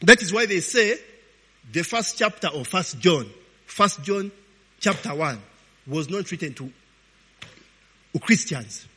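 A man preaching, telling stories in an animated, informal sermon, often tagging lines with "eh?". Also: high-pitched, slow pace, pauses often, slightly rough. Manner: animated, peppers talk with "eh?" and laughs. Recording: long hall reverb.

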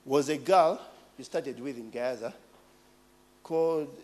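A Ugandan man in his forties preaching, telling personal stories with lively asides and questions to the congregation. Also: mid-range voice, measured pace. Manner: animated storytelling, call-and-response asides.

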